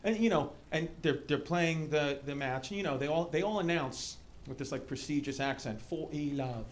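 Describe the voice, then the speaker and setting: A young stand-up comic spins a rambling story, tripping over fillers and restarts. His voice sits high for a man. The live club recording carries clear background noise from the room. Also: moderate pace. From New York City (Queens). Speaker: stand-up comedian. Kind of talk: stand-up storytelling and crowd work. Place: comedy club stage.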